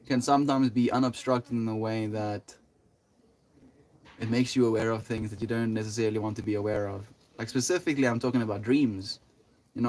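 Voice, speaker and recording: Young man, livestreamer, casual chat, rambling, laid-back, lots of fillers, mid pitch. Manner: rambling, laid-back, full of "like", "you know" and "dude".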